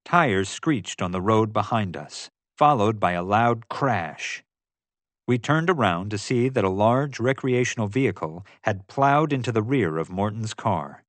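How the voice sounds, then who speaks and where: A man narrating a story aloud in a lively, expressive way. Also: on the low side, unhurried, no echo. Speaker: audiobook narrator. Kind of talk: scripted narration.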